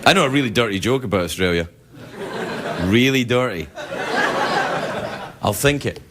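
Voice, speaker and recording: Lively joking talk show host man. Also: mid-range voice, a loud crowd. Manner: quick jokey delivery, playful asides. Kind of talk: comedy monologue banter. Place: TV studio with live audience. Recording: studio audience laughter and noise.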